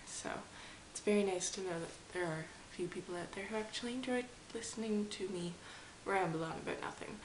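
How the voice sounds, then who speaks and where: A woman's voice: medium pitch, brisk, hardly any pauses. Rambling young woman from Canada. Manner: rambling, self-deprecating, often drops to a whisper. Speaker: vlogger. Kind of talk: casual rambling to camera. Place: game room at home. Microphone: camera mic. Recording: echoey room with faint hiss.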